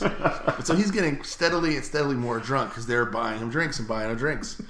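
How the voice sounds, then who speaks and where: A man hosting a podcast, telling a story in a casual, animated, profane way. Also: medium pitch, normal speed, a crowd in the background. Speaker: podcast host. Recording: roomy echo.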